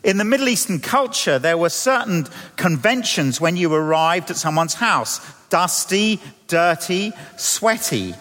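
A man, a vicar, preaching a sermon and telling the story with lively acted-out voices. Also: sits high, big-room sound.

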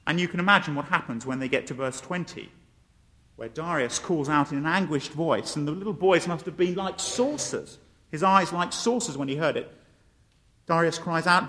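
Man, preacher, animated storytelling sermon, high voice, echoing hall. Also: normal speed. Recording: long hall reverb.

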